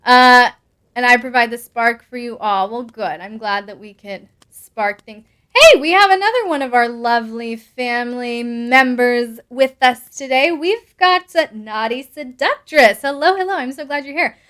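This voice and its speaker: A woman's voice: fairly high pitch, animated, moderate pace, fairly bright tone, smooth. A young adult woman hosting a live stream, reading viewer comments aloud with bubbly asides and frequent laughs. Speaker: host answering patron questions.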